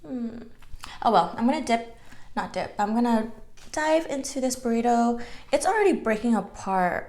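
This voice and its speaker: A woman's voice: fairly high pitch, expressive, normal speed. Chatty young woman eating on camera. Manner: chatty, full of "like" fillers, drifts into soft whispers while eating. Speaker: mukbang vlogger. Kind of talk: casual storytime while eating.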